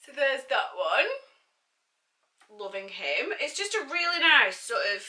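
A woman's voice: high voice, big pitch swings, unhurried, pushed and bright, roomy sound, recorded from a distance. A woman unboxing beauty products, chatty and self-mocking, reading product blurbs aloud. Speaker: beauty vlogger. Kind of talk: casual unboxing chat.

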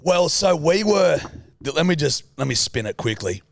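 Gravelly, swearing Australian man. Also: on the high side, very animated, normal speed, dry recording, studio quality. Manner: crude, swears often, rambling anecdote. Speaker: podcast co-host. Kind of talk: casual chat, storytelling.

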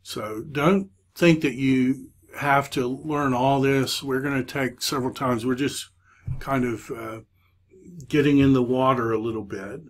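A man teaching a Hebrew class in a recorded lecture, talking hesitantly with frequent filler pauses. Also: mid-range voice, steady tone. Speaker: Hebrew instructor.

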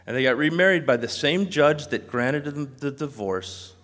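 A man giving a memorial speech, telling animated anecdotes and mimicking voices. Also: a little high, moderate pace. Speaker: eulogy speaker. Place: large hall. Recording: long hall reverb.

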